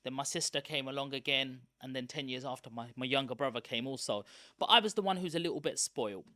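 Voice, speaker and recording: A man, a guest telling candid stories from his school days in a lively, chatty way. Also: medium pitch, fast talker, dry recording, studio quality. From East London, England. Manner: lively, chatty, self-aware. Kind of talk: candid personal storytelling.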